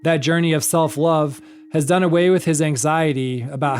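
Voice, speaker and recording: A man's voice: fairly high pitch, normal speed, over music. A man hosting a podcast, reading an intro and then chatting casually with his guest. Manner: friendly, relaxed, uses fillers like "like". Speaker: podcast host.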